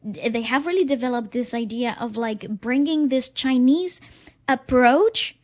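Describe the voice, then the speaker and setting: A woman's voice: fairly high pitch, measured pace. A woman co-hosting a podcast in a casual discussion, eager and analytical as she breaks down songs and videos. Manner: enthusiastic, analytical about music. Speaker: podcast co-host.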